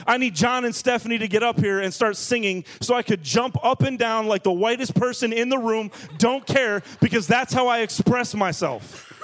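Animated, joking preacher man. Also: high voice. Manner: lively, joking and emphatic, stressing key words. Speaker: pastor. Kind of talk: sermon.

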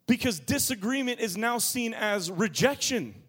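A man preaching a sermon as pastor, moving between quiet low asides and loud, high bursts of emphasis. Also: animated, unhurried, breathy edge. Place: church.

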